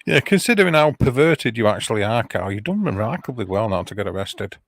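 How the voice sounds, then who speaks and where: A man's voice: lowish voice, big pitch swings, a little fast, fairly bright tone. A man co-hosting a casual live-stream chat, trading dry, teasing banter. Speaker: co-host of a live survival chat show.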